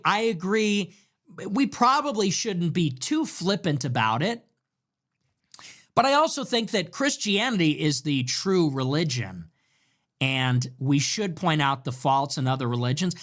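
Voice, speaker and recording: A man's voice: high-pitched, fairly bright tone. A man giving impassioned political commentary, indignant and moralizing, with many rhetorical questions.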